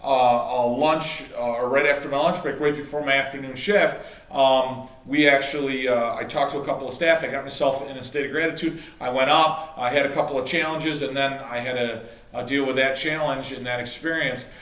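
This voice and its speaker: Speaking briskly in a steady, fairly bright medium-pitched voice, a middle-aged man who works as a chiropractor and coach rambles through a heartfelt story, full of fillers and restarts. It's a casual video talk recorded with reverb.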